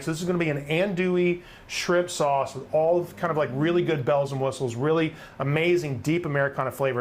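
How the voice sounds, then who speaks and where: A middle-aged man, host of a live cook-along, talking through his recipe in an upbeat, chatty way and often asking "right?". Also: a little high. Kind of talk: live cooking demonstration.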